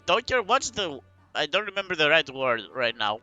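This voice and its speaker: A man's voice: fairly high pitch, very animated, moderate pace, sharp tone, muffled recording, soft background music. A man casually commenting on a story game as he plays it, chatty and musing aloud. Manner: chatty, reads game text aloud, muses and trails off. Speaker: let's play streamer.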